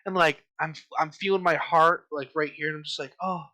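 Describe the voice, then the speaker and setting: A young man co-hosting a casual podcast chat, telling stories in an animated way and acting out his own panicked quotes. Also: on the high side, a little fast. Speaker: podcast co-host.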